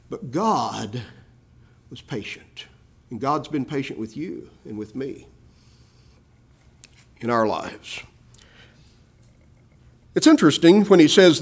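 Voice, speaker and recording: A man's voice: animated, moderate pace. Preaching man with big dynamic swings. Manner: swings from hushed lows to loud rising emphasis; addresses listeners as "my beloved". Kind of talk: sermon.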